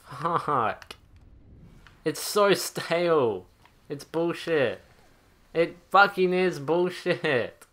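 A man's voice: on the high side, expressive, extremely slow, pauses often, fairly bright tone. A man ranting angrily over gameplay, profane and exasperated, as a gaming channel host. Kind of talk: angry gameplay rant.

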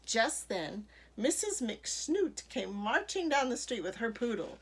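A woman reading a children's picture book aloud in an expressive way. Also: fairly high pitch, breathy edge. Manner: expressive, slow read-aloud. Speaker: storyteller.

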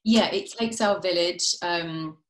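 Low-voiced chatty British woman. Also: measured pace, echoey room. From England. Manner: chatty, self-deprecating, laughs often. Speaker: guest actress. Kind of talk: casual chat. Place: home during quarantine, video call.

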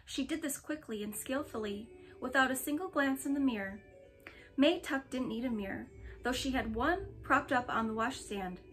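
A woman reads a novel aloud in a gentle, even storytelling voice pitched a little high. Soft music plays faintly underneath. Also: moderate pace. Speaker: storybook reader.

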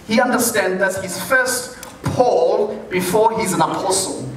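Brief: man pastor preaching slowly and playfully in a big echoey church hall, heard from a distance. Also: high-pitched, fairly bright tone, slight background noise. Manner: deliberate, playful, chuckles while preaching. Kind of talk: sermon. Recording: very echoey hall, mic far off.

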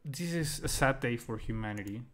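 Young man, streamer, lively swinging pitch, excitable, cursing, jokey. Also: fairly quick. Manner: excitable, swears often, jokey. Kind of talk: live gameplay commentary.

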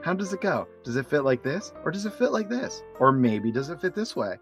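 A man's voice: fairly high pitch, very animated, brisk, faint music behind, pitched above the performer's own voice. A man voicing a small, thoughtful boy who turns touchy and indignant, reading comic strip lines aloud. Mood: fussy. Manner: fussy, pleading, then indignant outbursts.

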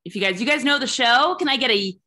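A woman in her thirties doing a rambling, deadpan stand-up set over Zoom. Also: fairly high pitch, fast talker. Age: 30s. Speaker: stand-up comedian.

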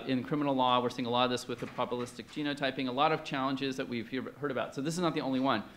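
Man, mid-pitched, presenting at a conference; loose, halting, chatty delivery. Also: fairly bright tone, a little hiss or hum. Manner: conversational, hesitant, many fillers, questions to the audience. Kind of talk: academic conference talk.

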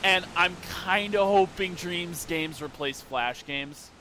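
Speaking slowly in a high voice over background noise, a young man narrates his video game play. He rambles in a wistful, offhand way, now and then erupting playfully.

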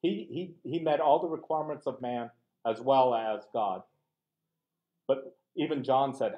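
A man's voice: mid-range voice, a little slow, lo-fi sound. A man teaching a Bible study class as pastor, talking conversationally, asking rhetorical questions and acting out short exchanges. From United States. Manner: acts out short quoted exchanges.

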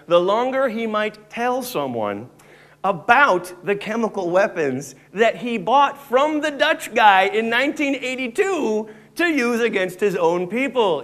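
An American man doing live stand-up comedy on a theater stage, animated and switching into mock voices and bits of Dutch. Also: very high-pitched. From United States. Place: theater stage before a laughing audience.

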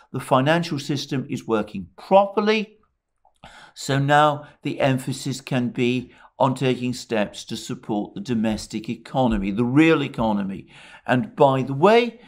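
A man giving a solo spoken analysis of current affairs, measured and explanatory, sometimes restarting a phrase. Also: medium pitch. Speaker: political commentator.

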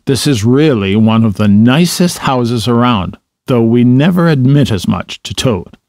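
A man's voice: mid-range voice, lively intonation, a little slow, a little mellow, no echo, studio quality. A man voicing a friendly, sensible male water rat who explains things plainly to a friend. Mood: explaining. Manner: explaining, matter-of-fact.

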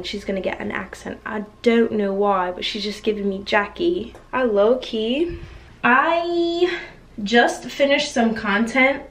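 A woman's voice: mid-range voice, echoey room, recorded from a distance. A young woman chatting casually on a home vlog, laid-back and slangy, laughing often. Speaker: vlogger.

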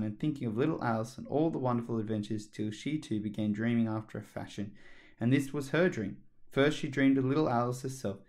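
A man narrating a children's story aloud with a steady, expressive read and the odd slip. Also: mid-range voice. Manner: steady, expressive reading with small slips.

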